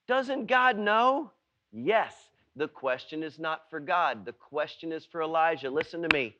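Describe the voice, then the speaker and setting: A male pastor preaching a sermon, emphatic and repetitive, swinging between hushed and loud passages. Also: a little high, animated, a little slow, dull audio.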